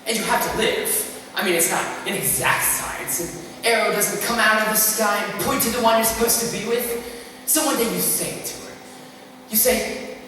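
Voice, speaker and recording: A woman's voice: mid-range voice, natural voice. A young woman in a school musical playing a chatty, wistful male theatre fan who narrates to the audience in a confiding, rambling way. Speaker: student actor. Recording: echoey hall from far off, noisy.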